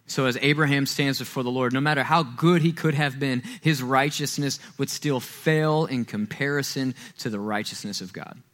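A man preaching a sermon in a church, talking casually, acting out quoted voices and getting louder and higher when he stresses a point. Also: moderate pace, few pauses. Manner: conversational, acts out quoted voices, rises loud and high when stressing. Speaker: pastor. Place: church sanctuary.

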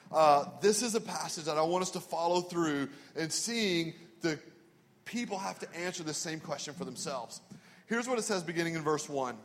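A man preaching a sermon with a fairly high voice, telling stories and dropping to a hushed tone when he quotes someone. His voice rings with the long reverb of a large church hall. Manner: storytelling, drops to a hushed voice for quoted words. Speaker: pastor.

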